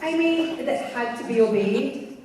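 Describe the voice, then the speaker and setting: A woman speaking as a convention panel guest, excitable and blunt, swearing casually. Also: fairly high pitch, measured pace, over a noisy crowd, very noisy. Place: large convention hall. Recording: echoey hall from far off.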